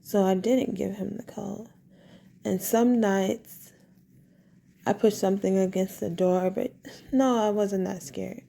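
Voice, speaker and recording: A woman's voice: mid-range voice, steady tone, slow pace, gravelly, dark tone. A woman vlogger telling a personal story in a casual, rambling way, trailing off and restarting, recorded at home in her bedroom. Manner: rambling, meandering, with frequent restarts.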